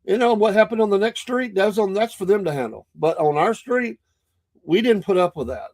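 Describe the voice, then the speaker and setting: A middle-aged Southern man hosts a podcast in a loose, folksy monologue. He rambles and restarts as he tells his stories. His voice sits a little higher than most men's. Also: animated, brisk, darkish tone. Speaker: podcast host. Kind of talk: casual monologue.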